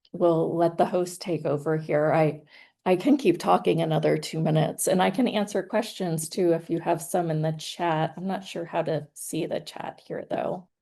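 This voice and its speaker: A woman's voice: lowish voice, fairly even intonation, unhurried, vocal fry, warm tone. A woman speaker, a hypnotherapist and author, giving a casual online talk in a chatty, self-amused way. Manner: chatty and self-amused, laughing between thoughts. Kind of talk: casual online presentation and chat.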